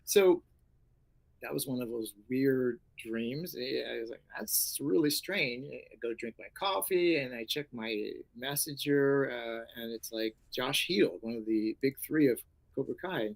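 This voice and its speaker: A middle-aged man, an actor and karate instructor, telling stories in a casual interview, animated and acting out voices, with many fillers. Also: mid-range voice, measured pace, creaky, rough recording.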